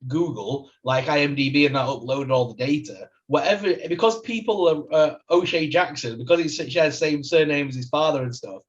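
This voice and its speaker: An eager man co-hosting a casual chat, his voice sitting a bit high. The recording is dull and lo-fi, as if through a cheap mic. He spins out ideas quickly and laughs along. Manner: excited, speculative, laughs a lot. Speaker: podcast co-host. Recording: dull lo-fi sound.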